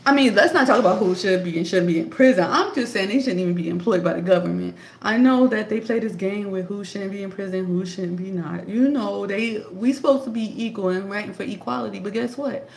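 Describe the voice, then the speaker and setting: A woman's voice: medium pitch, brisk, creaky, few pauses. A woman in her thirties giving casual political commentary into a tablet, emphatic and sarcastic, firing off rhetorical questions. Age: 30s. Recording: echoey room.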